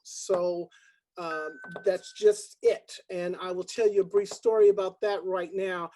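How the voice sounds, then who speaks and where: An older woman, a choral music professor, telling a personal story on a video call, halting and earnest with many ums. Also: fairly low pitch, fairly even intonation, mellow.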